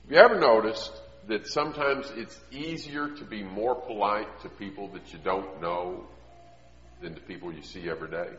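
A man preaching a sermon in an earnest way, often dropping to quiet emphasis. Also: fairly low pitch, normal speed. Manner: earnest, drops to quiet emphasis, acts out quoted voices. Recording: echoey hall, dull lo-fi sound.

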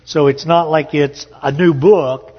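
A man giving a sermon-style talk to a morning gathering, telling a story slowly with frequent "uh" pauses. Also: a little high, fairly even intonation, husky. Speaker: speaker at a morning church gathering. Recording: dull lo-fi audio with long hall reverb.

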